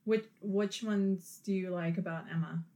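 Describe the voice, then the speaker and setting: A woman's voice: medium pitch, fairly even intonation, measured pace, dark tone. Woman in her thirties, podcast host, teasing, playful questions, casual chat. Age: 30s.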